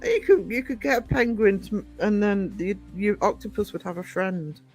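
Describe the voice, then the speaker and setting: A woman's voice: mid-range voice, animated, normal speed, darkish tone, faint music behind, rough recording. A woman from northern England hosting a casual live stream, chatty, reading out the chat and laughing often. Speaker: livestream host.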